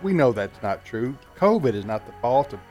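A man's voice: medium pitch, big pitch swings, moderate pace, darkish tone, dull audio, faint music behind. Emphatic male talk radio co-host. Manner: emphatic, repeats words when worked up. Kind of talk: conservative talk radio discussion.

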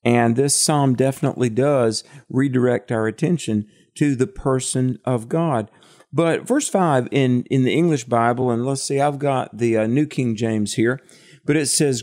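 A man's voice: medium pitch, a little slow, a little mellow. A man co-hosting a radio Bible study, thoughtfully explaining scripture wording.

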